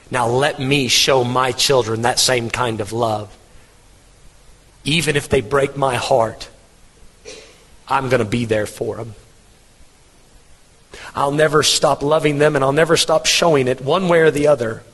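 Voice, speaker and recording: A man in middle age preaches with earnest, emphatic repetition, his voice sitting at a middle pitch. The sermon rings out in a church hall with a long, lingering reverb. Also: a bit bright. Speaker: pastor.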